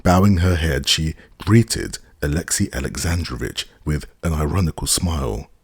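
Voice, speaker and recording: A man narrating a classic novel as an audiobook in a steady, expressive reading. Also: extremely low pitch, normal speed, husky, dry recording, clean studio sound. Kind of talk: scripted narration.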